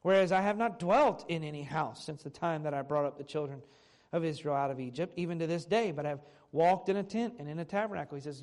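A man's voice: fairly high pitch, quick pace, a little mellow. A man preaching a sermon who reads old scripture aloud and then restates it in plain everyday words. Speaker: pastor.

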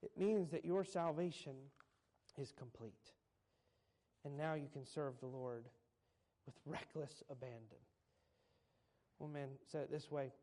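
A male pastor preaching a sermon, telling stories and building to slow, emphatic points. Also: on the high side, mellow. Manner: preaches with swelling emphasis, slowing on key phrases.

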